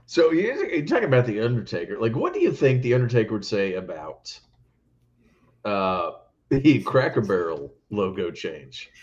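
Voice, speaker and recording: A man's voice: lowish voice, moderate pace, dull audio. A man hosting a podcast, telling stories in casual chat and laughing often. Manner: animated storytelling, laughs often. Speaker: podcast host.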